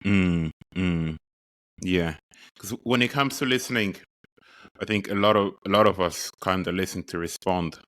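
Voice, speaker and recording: A man's voice: sits low, moderate pace, a bit bright. A male interview host giving short agreeing responses and asking questions. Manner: brief agreeing backchannels, laughs along. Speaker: podcast host. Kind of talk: conversational interview.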